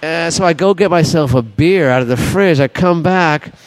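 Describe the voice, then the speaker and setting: Older man, podcast guest, rambling anecdote, swears freely, slightly high voice. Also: moderate pace, no echo. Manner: rambling, profane, animated anecdote teller. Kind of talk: casual storytelling.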